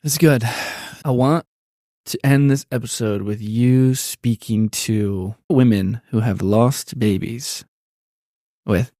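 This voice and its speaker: A man co-hosting a faith-based podcast, speaking reflectively in a halting, casual way with many fillers. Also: mid-range voice, dark tone, no room sound, studio quality. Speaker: podcast co-host.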